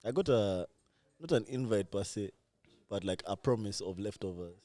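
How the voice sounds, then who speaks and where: A man hosts a podcast in relaxed chat. His voice sits very low, and he talks easily and laughs often among friends. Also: moderate pace, no echo. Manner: laid-back, laughs often, says "bro". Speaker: podcast host. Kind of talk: casual chat.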